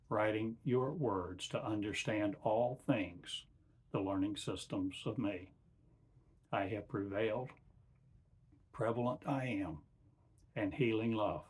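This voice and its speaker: A man acting as a spiritual teacher, giving a channeled spiritual address in slow, halting short phrases that often trail off softly. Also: fairly low pitch, husky.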